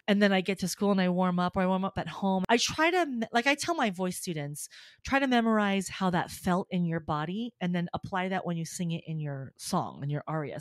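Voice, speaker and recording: A woman's voice: on the low side, no echo, clean studio sound. A middle-aged woman, a soprano and voice teacher, chatting on a podcast and telling stories with lots of laughter and acted-out dialogue. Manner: lively storyteller, laughs often, acts out dialogue. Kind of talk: casual podcast chat.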